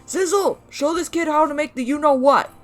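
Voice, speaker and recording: A woman voicing a bossy, overworked male head chef in a video game, talking brusquely and loudly. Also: medium pitch, expressive, moderate pace, soft background music, natural voice. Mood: shouting.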